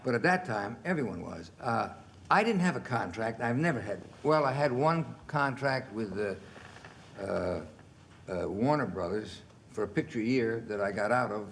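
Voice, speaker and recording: A man in his sixties, a guest on a television talk show, telling animated anecdotes and laughing through the punchlines. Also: fairly low pitch, normal speed, gravelly, a little hiss or hum. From United States. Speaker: guest actor. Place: television studio.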